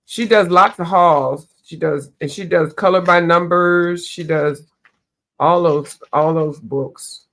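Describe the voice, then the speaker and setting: A woman's voice: lowish voice, slow, fairly bright tone. A woman hosting a livestream, chatting casually while she colors, rambling and searching for names, a bit stuffy from allergies. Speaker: livestream host.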